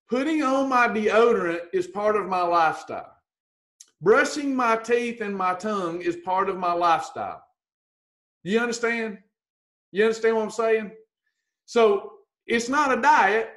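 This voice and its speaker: A woman gives a blunt, folksy motivational talk as a weight-loss coach and teases her listeners with pet names. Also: medium pitch.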